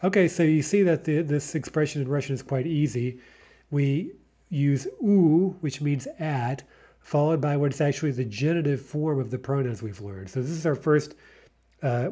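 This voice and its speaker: A man's voice: medium pitch, normal speed, mellow, husky. A man teaching a recorded language lesson, explaining patiently and often checking in with "right?".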